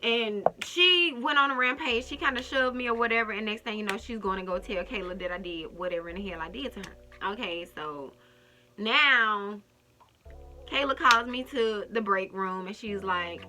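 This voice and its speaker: A woman with a very bright, sharp-edged voice tells a workplace story straight to her viewers. She speaks casually but with life, acting out every exchange, and faint music plays underneath. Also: mid-range voice, moderate pace. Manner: animated, talks straight to viewers, acts out quotes. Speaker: storytime vlogger.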